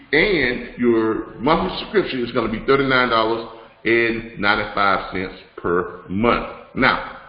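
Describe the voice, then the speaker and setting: A man hosts a live online broadcast in a chatty, rambling manner, full of fillers and false starts. His voice sits at an ordinary pitch. The sound is roomy and a little dull. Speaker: host of a live business broadcast. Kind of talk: live-stream teaching and announcements.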